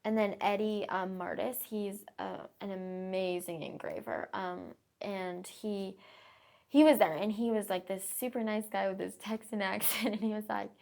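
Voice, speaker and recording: A woman's voice: medium pitch, moderate pace, vocal fry, darkish tone. A young adult woman, a podcast guest, telling stories in a casual, chatty way with lots of fillers. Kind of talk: casual storytelling interview.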